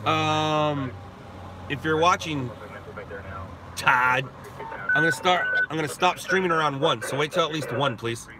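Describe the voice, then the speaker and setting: A man from Southern California, streaming live and chatting with viewers, talking slowly and carefully. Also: on the high side, a crowd in the background. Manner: slow, deliberate talk, reads and answers viewer chat. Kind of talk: casual live stream chat.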